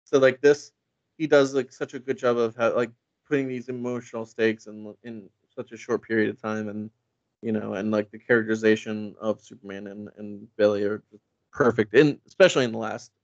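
A man's voice: fairly low pitch, fairly even intonation, fairly quick, no room sound, dull audio. A man casually chatting as a podcast co-host, rambling with many fillers and restarts. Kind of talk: casual comic book discussion.

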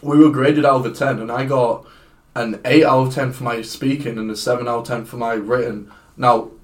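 This man rattles through his stories at a quick clip, swearing freely and acting out every exchange as he goes. He sounds a little back from the mic, so the voice is less close and direct than usual. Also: medium pitch, distant mic. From Ireland. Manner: swearing, animated anecdotes. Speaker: podcast co-host. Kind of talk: casual chat, storytelling.

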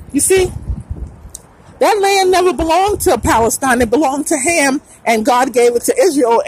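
A woman's voice: high voice, a little hiss or hum, low-quality recording. A woman hosting a podcast, delivering an emphatic, preachy religious monologue, repeating lines and breaking into sung phrases. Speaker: podcast host.

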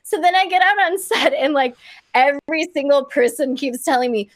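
A woman's voice: high voice, normal speed, no echo. A young woman from Kansas telling a story as a guest, bubbly and full of "like" fillers. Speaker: guest performer. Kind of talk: casual storytelling.

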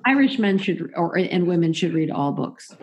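A woman's voice: lowish voice, lively intonation, normal speed, darkish tone, a little hiss or hum. A woman talking casually as an interview guest, chatty and opinionated, often restarting and correcting herself. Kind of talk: casual conversation.

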